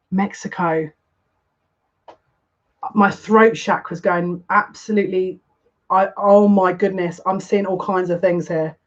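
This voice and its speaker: A psychic tarot reader, talking on a live stream in an excitable, breathless way, often breaking off mid-sentence. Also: medium pitch, moderate pace. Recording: dull lo-fi stream audio.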